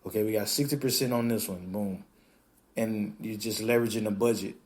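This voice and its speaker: A man hosting a podcast, talking in a casual, animated monologue that acts out quoted voices and swears freely. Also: lowish voice, brisk. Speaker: podcast host.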